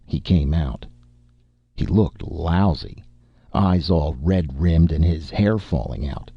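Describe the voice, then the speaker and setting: Intense male narrator for a first-person story, very deep gravelly voice, muffled lo-fi recording. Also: takes it slowly, dry recording.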